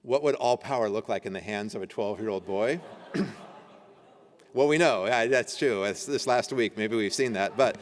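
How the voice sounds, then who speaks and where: Speaking in a lowish voice at a moderate pace, a man teaches adults in a church meeting room, reading ancient writings aloud and chatting about them. He's conversational and laughs while reading, and the church hall's reverb colors the sound.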